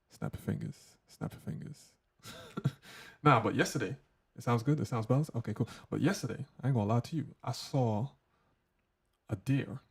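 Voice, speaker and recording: A man with a low, gravelly voice walks through his gear settings in a loose, joking way. His tone is husky and mellow as he runs casual mic checks for a hands-on tutorial. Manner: loose, joking, talks through settings while testing them. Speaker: tech tutorial host.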